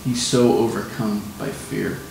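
A man's voice: flat delivery, measured pace, vocal fry. A man preaching a sermon on scripture, explaining emphatically and repeating his key points. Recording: very echoey room, faint rumble.

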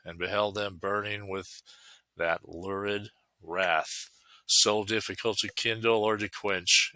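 A man reading a story aloud at a measured, deliberate pace. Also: fairly low pitch, sharp tone, dry recording. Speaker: story reader. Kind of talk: storybook narration.

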